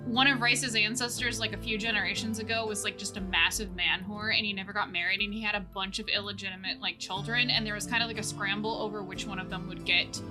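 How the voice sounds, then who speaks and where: A woman's voice: mid-range voice, steady tone, fast talker, hardly any pauses. A woman running a tabletop game as game master, chatty and rambling, often laughing. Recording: faint fantasy music behind.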